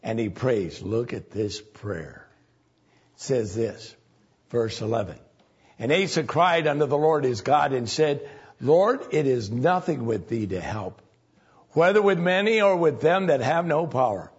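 A man preaching a sermon in a folksy, conversational way, often jumping up in pitch and volume for emphasis. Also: sing-song, unhurried, slightly rough, dull audio.

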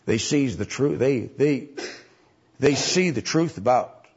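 A man's voice: mid-range voice, expressive, slow, a little mellow, husky. A man preaching a sermon, emphatic, with mocking voices when he quotes others. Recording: dull lo-fi recording.

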